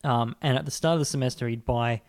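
A man hosting a podcast, telling rambling, animated stories and swearing freely. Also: mid-range voice, fast talker, no room sound, clean studio sound. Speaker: podcast host. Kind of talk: casual comedic chat.

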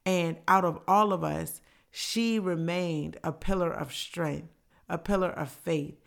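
An earnest woman with a somewhat low voice tells a personal story on her podcast. She speaks in a reflective, faith-filled way. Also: slow pace, creaky. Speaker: podcast host.

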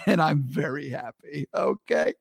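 A man's voice: fairly high pitch, a little slow, gravelly, no echo, clean studio sound. A man in his thirties from the US East Coast, hosting a casual show and joking with his chat in an upbeat way. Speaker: podcast host.

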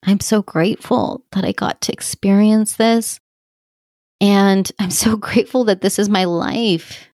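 A woman's voice: mid-range voice, steady tone, unhurried, darkish tone, no echo, studio quality. A woman coach speaking in a reflective solo podcast monologue, heartfelt and effusive, laughing often and using many fillers.

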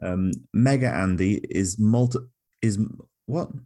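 A young man with a fairly low voice co-hosts a laid-back comedy podcast. He delivers absurd sponsor reads flat and deadpan, as if they were perfectly normal. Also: unhurried. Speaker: podcast co-host. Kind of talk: casual comedic podcast chat.

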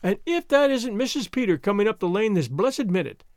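A man voicing a brisk, chatty middle-aged hostess who bustles and talks over everyone in a storybook reading. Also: sits high, sing-song, no room sound, studio quality. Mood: bustling. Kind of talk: audiobook character reading.

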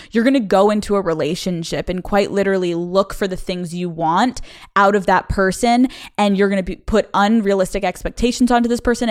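A young woman, a comedian guest on a podcast, talking in an animated, emphatic way with quick asides. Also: medium pitch. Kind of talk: casual interview chat.

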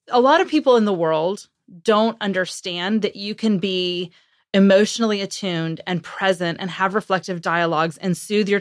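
A woman's voice: fairly low pitch, dry recording, studio quality. A woman guest, a parenting author, explaining in conversation with earnest energy and frequent self-corrections. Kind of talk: conversational interview.

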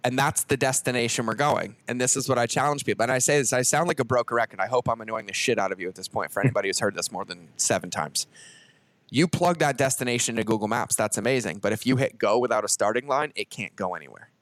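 A man's voice: mid-range voice, fast talker, fairly bright tone, no echo. A man hosting a podcast in a casual conversation, talking emphatically and swearing freely. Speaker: podcast host.

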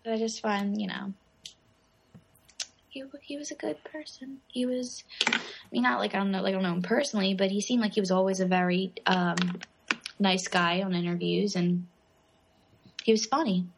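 A woman in casual podcast chat, speaking at a middle pitch. She rambles and hesitates, circling back with fillers as she searches for words. Her delivery is relaxed and conversational. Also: moderate pace, vocal fry, pauses often, noisy background.

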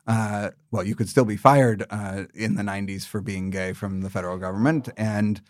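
American man, thirties, low voice, dry close mic, measured interview answers with restarts. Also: steady tone, dry recording. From United States. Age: 30s. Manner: measured, thoughtful, with many restarts. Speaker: political candidate, former ambassador.

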